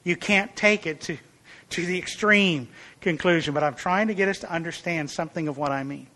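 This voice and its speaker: A man's voice: a little fast, pushed and bright. A man preaching a sermon in an earnest, emphatic way. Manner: earnest, emphatic, rises in pitch and volume for illustrations.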